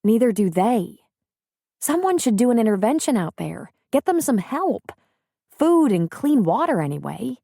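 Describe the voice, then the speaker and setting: A woman's voice: a little high, big pitch swings, unhurried, creaky, dark tone, dry recording, clean studio sound, pitched above the performer's own voice, exaggerated voice. A woman voicing an earnest, candid young nurse from the city in an audiobook reading.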